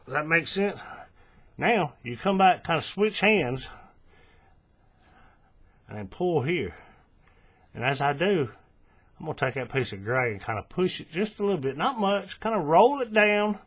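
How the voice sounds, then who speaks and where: A man with a husky, slightly breathy voice walks through a craft step by step from his worktable. His pitch moves around a lot as he talks. He is relaxed, checks in with the viewer, and fixes his own slips, all picked up on the camera's mic. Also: a little slow, long pauses. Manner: relaxed, checks in with "right?" and self-corrects. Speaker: crafting tutorial host. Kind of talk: step-by-step hands-on instruction. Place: indoors at a table, working close to the camera.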